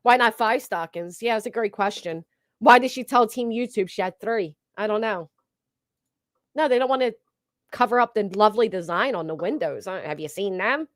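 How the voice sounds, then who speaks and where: A woman's voice: mid-range voice, moderate pace, no room sound, studio quality. A woman giving casual reaction commentary on a stream, mocking and sarcastic, swearing freely.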